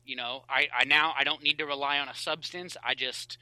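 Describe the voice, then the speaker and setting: A man, a podcast guest, telling a long personal story in casual interview talk, animated and rambling with many fillers and restarts, on a close mic. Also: mid-range voice, brisk, clear, resonant tone, dry recording, low-quality recording.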